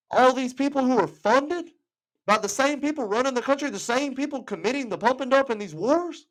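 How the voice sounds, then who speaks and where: A man's voice: very high voice, lively intonation, brisk, fairly bright tone, poor audio. A man hosting his own show, ranting angrily with lots of swearing and hard emphasis. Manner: angry, profane, heavy emphasis. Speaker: host. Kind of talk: ranting commentary. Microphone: home setup.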